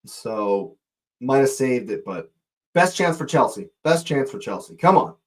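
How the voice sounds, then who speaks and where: Hosting a live watch-along, a man delivers fan play-by-play and chats with viewers, greeting people in the chat. His medium-pitched voice is unhurried but leaps up excitedly at near chances.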